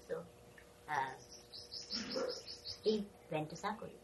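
A woman speaking English as a second language recounts anecdotes with animated delivery and frequent laughter. She often pauses to hunt for the right word. The mic sits some way off from her. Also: mid-range voice, far from the mic, heavy background noise. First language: not English. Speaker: storyteller.

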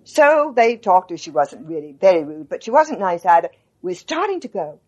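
In an interview, an older woman animatedly recalls a story, acting out what people said. Her voice sits on the low side and moves at a moderate pace. She quotes others freely and often restarts her sentences as she reminisces.

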